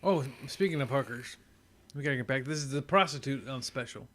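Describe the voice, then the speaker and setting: A man's voice: mid-range voice, a little fast, fairly bright tone, a little hiss or hum. A man making joking remarks and steering the conversation on a casual podcast. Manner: joking interjections, steering the topic. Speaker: podcast co-host. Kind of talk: casual chat.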